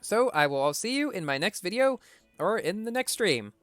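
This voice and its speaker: A man's voice: high voice, very animated, normal speed, a bit bright, clean tone, no room sound, faint music behind. A man streaming a racing game, reading viewer questions aloud and answering them briefly in a casual tone.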